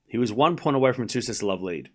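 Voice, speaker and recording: A man's voice: medium pitch, lively intonation, racing, fairly bright tone. A young man hosting a live tennis watchalong, calling scores and answering chat with joking mock anger. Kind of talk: casual live watchalong commentary, reading chat.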